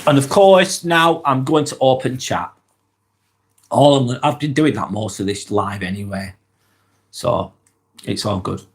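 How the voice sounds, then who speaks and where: A man with a Lancashire accent, hosting a casual live stream while he has a head cold, talking in a relaxed, earnest way and reading viewers' comments aloud. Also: medium pitch, measured pace, long pauses. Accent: Lancashire English. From Lancashire, England. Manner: relaxed, earnest, rambling with fillers and sighs.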